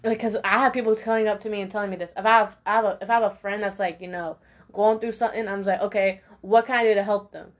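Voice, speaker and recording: A woman's voice: medium pitch, steady tone, quick pace, muffled recording. A woman, talking to herself in a casual opinion monologue, blunt and rambling with many restarts and slangy asides. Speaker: podcast-style talker sharing opinions.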